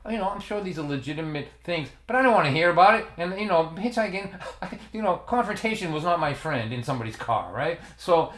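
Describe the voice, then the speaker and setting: A man's voice: fairly high pitch, fairly quick, few pauses, fairly bright tone. Boston guy in his 60s, chatty and rambling, laughs a lot, bit of room echo. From Massachusetts, USA. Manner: rambling, laughs often, self-mocking. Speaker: folk singer and storyteller hosting a livestream. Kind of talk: casual chatty storytelling to an online audience. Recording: roomy echoey sound.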